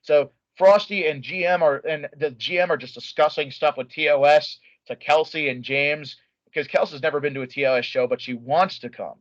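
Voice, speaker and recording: A young man, an interview guest, telling a story in an excitable, animated way with lots of "like" and restarts. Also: a little high, a little fast, no echo. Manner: many filler likes and restarts. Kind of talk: casual storytelling. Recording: dull lo-fi dry sound.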